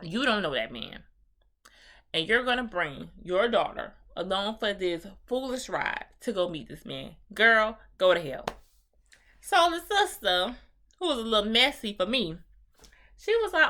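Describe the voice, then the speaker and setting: A woman giving a sassy, profane, animated recap of a reality TV show. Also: mid-range voice, unhurried. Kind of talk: casual recap commentary.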